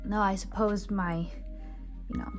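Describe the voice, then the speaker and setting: A woman's voice: medium pitch, wildly swooping pitch, measured pace, soft background music. A woman from outside the United States giving a casual, chatty, self-deprecating tour of her sketchbook, often giggling. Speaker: artist vlogger.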